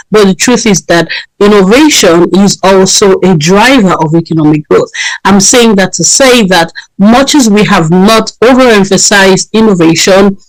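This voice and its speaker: A woman's voice: medium pitch, no echo, rough recording. A woman hosting a radio talk show, delivering a solo monologue emphatically with frequent fillers, repeated points and tag questions. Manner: repetitive, emphatic, with frequent fillers and "right?" tags.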